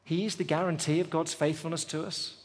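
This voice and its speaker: A man's voice: fairly high pitch, fairly even intonation, fairly quick, big-room sound. A man preaching a sermon at a festival, with an emphatic, repetitive cadence. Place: festival venue.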